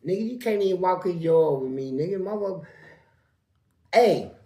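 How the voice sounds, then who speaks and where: A man guesting on a podcast, telling profane prison stories in an animated way and jumping into loud acted-out quotes. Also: high voice, moderate pace. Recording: echoey room with background noise.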